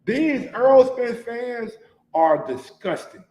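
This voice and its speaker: A man hosting a sports commentary show, ranting casually with lots of profanity and swinging between low mutters and loud shouts, in a manner. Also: lively intonation, takes it slowly, reverberant.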